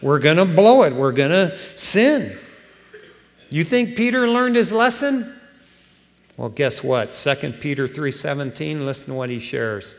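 A man preaching a sermon to his church, animated and conversational, acting out scripture scenes in everyday slang. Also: on the high side, a little slow. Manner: animated preaching, acts out biblical dialogue in casual slang. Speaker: pastor. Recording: long reverb of a large room.

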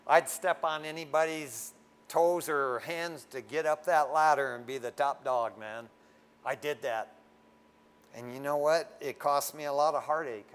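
A man with a high voice preaches to a congregation in a loose, street-level way. He talks straight and plain, like a brother, and keeps dropping "man" into his lines. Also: a bit bright. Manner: folksy and frank, often tags lines with "man". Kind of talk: casual sermon. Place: standing before a congregation.

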